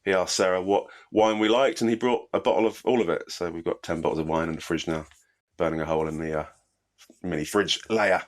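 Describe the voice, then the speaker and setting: A man's voice: low voice, a little fast. A British man in his forties, co-hosting a casual podcast chat while bunged up with a cold, chatty and self-deprecating. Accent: British English. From Britain. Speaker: podcast co-host.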